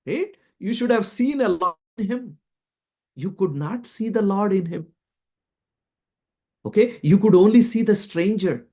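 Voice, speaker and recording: A man giving a spiritual talk as a teacher, telling a story with many fillers and repeating key lines slowly for emphasis. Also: high voice, expressive, dark tone. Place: Florida, near the listener's town.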